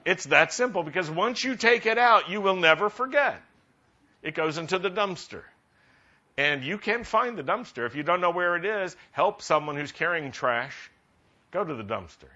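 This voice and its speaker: A man preaching a sermon to a congregation in a conversational, practical way, rising to animated emphasis. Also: high voice, moderate pace. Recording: dull lo-fi sound.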